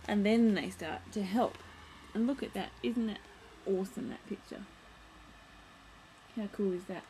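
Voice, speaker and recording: Young woman, casual vlog, chatty and playful, camera mic at home, mid pitch, faint background noise. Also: steady tone, measured pace, warm tone, rough recording. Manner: chatty, aside-prone, playful. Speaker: vlogger. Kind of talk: casual show-and-tell of a picture book.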